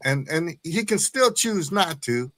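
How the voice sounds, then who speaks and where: A man's voice: on the high side, lively intonation, unhurried, fairly bright tone. A man making an emphatic point in a live-stream discussion, stumbling on restarts. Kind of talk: casual argumentative talk.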